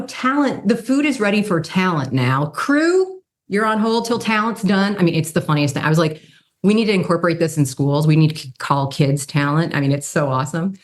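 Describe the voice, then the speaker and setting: A woman in her fifties with a low-pitched voice tells stories in a relaxed, chatty way. She keeps leaping up in pitch to act out the people she quotes. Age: 50s. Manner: animated, acts out quoted people with pitch jumps. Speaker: guest, brand strategy consultant and model. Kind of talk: casual storytelling in an interview.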